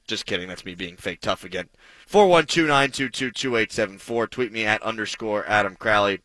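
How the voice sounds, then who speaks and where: A man's voice: fairly low pitch, brisk, bright, forceful tone, dry recording, low-quality recording. A man hosting a sports talk radio show, talking in an emphatic, punchy way with self-mocking asides, on a studio microphone.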